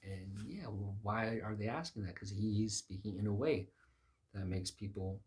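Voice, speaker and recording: A man gives an informal sermon in a lowish voice. He speaks earnestly and conversationally, working through his thoughts aloud as he teaches. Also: normal speed, darkish tone. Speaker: preacher.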